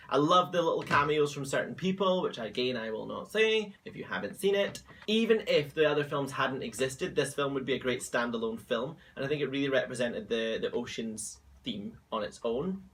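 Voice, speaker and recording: A young man chatting to camera in a casual vlog. His voice is bright and tense, and his pitch swings widely as he gossips and gives opinions. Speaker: vlog host.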